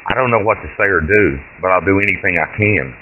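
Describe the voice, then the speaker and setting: A nervous young man answers his great-grandmother in an earnest, hesitant way, as a male reader voices him. The voice sits low. It sounds thin and phone-like, with a faint hiss. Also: expressive, fast. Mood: anxious. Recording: tinny phone-like line with hiss.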